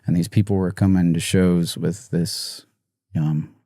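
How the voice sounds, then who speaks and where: A man telling a painful personal story in an interview, halting and soft-spoken with many pauses, emotional and near tears. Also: low voice, steady tone, dry recording, clean studio sound. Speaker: musician guest.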